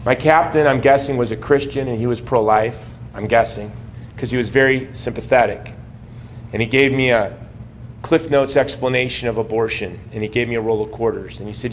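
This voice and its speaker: A man's voice: medium pitch, fairly quick, a little hiss or hum. A man in his forties from the United States, giving a personal testimony speech at a gala, shifting from wry humor to earnest storytelling. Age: 40s. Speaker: gala speaker. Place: banquet hall.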